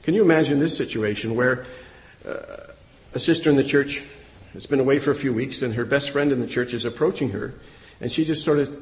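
Male pastor, mid pitch, emphatic storytelling sermon, long hall reverb. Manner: storytelling preacher, emphatic repetition.

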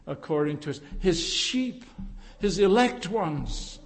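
Slow older preacher in a reverberant hall. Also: male voice, fairly high pitch, lively intonation. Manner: slow, reflective preaching with emphatic rises and hushed drops. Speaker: pastor. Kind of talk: sermon.

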